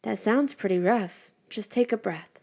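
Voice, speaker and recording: A woman voicing a gentle, worried young man who speaks softly and apologetically in a storybook reading. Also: medium pitch, unhurried, gravelly. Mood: soothing. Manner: soft, apologetic, soothing.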